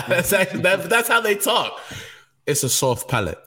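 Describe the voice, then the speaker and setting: A man co-hosting a podcast, talking in a confident, animated way with frequent laughs. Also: sits high, moderate pace. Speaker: podcast co-host. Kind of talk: casual chat.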